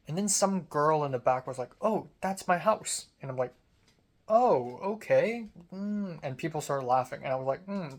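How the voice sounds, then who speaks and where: A young adult film student telling a story in a casual monologue, rambling with lots of "like" fillers and casual swearing. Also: mid-range voice.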